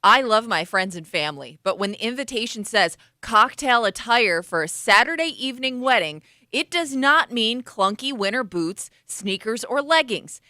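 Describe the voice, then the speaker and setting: A woman's voice: a little high, expressive, moderate pace, hardly any pauses, sharp tone, no echo. A woman co-hosting radio, reading a listener's complaint aloud in an indignant, emphatic way. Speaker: radio co-host. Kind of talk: reading a listener letter on air.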